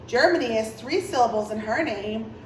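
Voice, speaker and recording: A woman kindergarten teacher giving a virtual lesson, talking slowly and clearly in a sing-song way to small children. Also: on the high side, very echoey, distant mic, slight background noise, poor audio.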